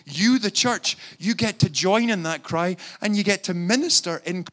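A man preaching with a notably high voice, pleading and impassioned. His delivery swells into fervent calls to prayer and then eases back to plain talk. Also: lively intonation, normal speed, a bit bright. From Scotland. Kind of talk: sermon.

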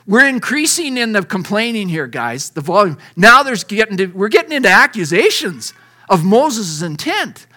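A middle-aged man delivers a folksy, conversational sermon in a high, bright voice. He reads scripture aloud and acts out the lines with lively energy. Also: normal speed. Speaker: pastor.

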